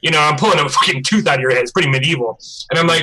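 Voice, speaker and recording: A young man chatting casually on a live stream, telling a profane, animated story. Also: a little high, rapid-fire, rough recording. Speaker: livestream co-host.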